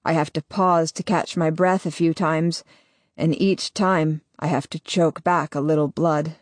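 Slow, low-voiced woman narrating. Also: steady tone, dry recording. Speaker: audiobook narrator. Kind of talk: first-person audiobook narration.

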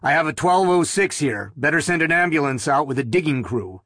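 A man's voice: a little high, animated, a little fast, a bit bright, dry recording, studio quality. A man reading the lines of a tired, fed-up police officer on night duty in an audiobook. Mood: weary. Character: weary adult male police officer on night patrol.

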